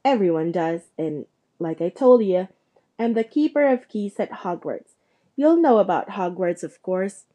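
A big, gruff, good-hearted giant voiced by a woman reading a storybook aloud, booming and blunt. The voice stays mellow and warm, close to the reader's own. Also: expressive, measured pace, muffled recording, natural voice. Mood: friendly. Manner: booming, indignant.

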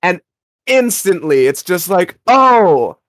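A young man co-hosts a podcast, chatting casually about a radio drama episode and interrupting himself to drift onto tangents. His voice is a little high, his pace moderate, and the recording dry and studio-clean.

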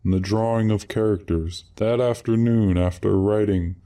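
A man narrating short stories in a steady, unhurried reading voice. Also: fairly low pitch.

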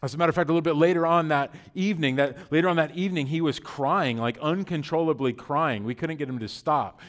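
A man with a fairly high voice delivers a sermon to his congregation. He talks conversationally, full of casual fillers, and swings from sudden loud bursts to hushed, intimate lines. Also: quick pace. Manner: conversational with fillers like "like" and "you know". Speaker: pastor.

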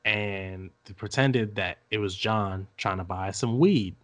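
A man's voice: fairly low pitch, a little slow, a bit bright. A man telling a story as a podcast guest, chatting casually, laughing often and acting out what others said.

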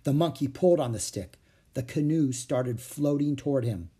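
A man reads a children's chapter book aloud with expressive, animated delivery. His voice is a little husky and breathy, and his pitch moves a lot, rising with the action. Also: moderate pace. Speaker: storyteller.

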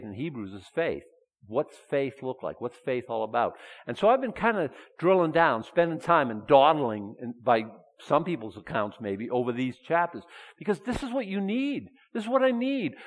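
A man preaching a sermon as pastor, animated, asking his listeners rhetorical questions and adding chuckling asides. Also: a little high, moderate pace. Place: church sanctuary. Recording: long hall reverb.

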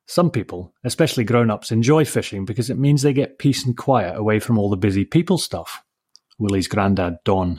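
A man hosting a podcast who reads a story aloud in a slow, measured, reflective way. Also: fairly low pitch, darkish tone.

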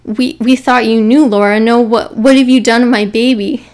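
A woman putting on a remorseful mother who pleads through tears, stumbling over her words and circling back as she begs. Her voice sits a touch high. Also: fairly even intonation, normal speed, darkish tone, natural voice. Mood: pleading. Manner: pleading, breaking off and repeating herself. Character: remorseful middle-aged mother, tearful and pleading.

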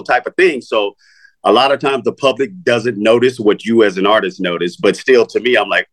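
A man's voice: on the low side, moderate pace, a bit bright, no echo. A man in his fifties, a music artist talking as a guest in a casual interview, laid-back and slangy, laughing often. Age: 50s.

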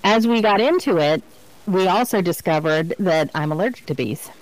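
A woman co-hosting a podcast, chatting casually and telling animated, funny stories. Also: lowish voice, normal speed, poor audio. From Virginia, US. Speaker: podcast co-host. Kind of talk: casual chat.

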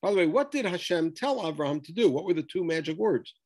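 A man's voice: fairly high pitch, expressive, fast, darkish tone. A man teaching a Bible text study, reading Hebrew verses aloud and then explaining them with emphasis.

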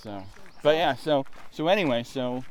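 A man's voice: mid-range voice, moderate pace, a little hiss or hum. A man hosting a podcast, chatting casually while walking outdoors on a trail, telling stories and mimicking accents playfully. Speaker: podcast host.

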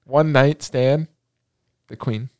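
A young man co-hosting a podcast, excitable and joking, rambling in casual chat. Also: mid-range voice, slow pace, no room sound, clean studio sound. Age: young adult. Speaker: podcast co-host.

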